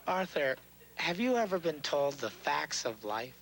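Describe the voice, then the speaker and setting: A man's voice: fairly high pitch, big pitch swings, measured pace, creaky, exaggerated voice. A wisecracking puppet turkey, played by a man, worldly and theatrical, who drops his jokes in a slightly raised voice. A faint hum sits under the recording. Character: witty, worldly talking male turkey. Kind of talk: puppet show acting.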